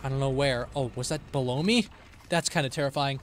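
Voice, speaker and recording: There's slight hiss or hum as a man with a mid-range voice, talking a little fast, streams a horror game. He's excitable, letting out yelps and shouts when startled and muttering softly to himself in the gaps.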